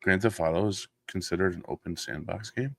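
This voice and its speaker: Gravelly and low, the voice of this podcast host moves fairly quickly, with no echo on the recording. He's a joker who laughs often and swears without restraint, letting loud bursts and laughter erupt through his relaxed chatter.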